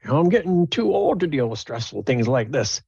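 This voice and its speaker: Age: old. Figure: fretful dwarf woman, voiced by a man. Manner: fussy and weary, in a noticeably higher voice. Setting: tabletop game. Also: sing-song, moderate pace, gravelly, dark tone, breathy edge, dry recording, dull audio, exaggerated voice. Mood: grateful.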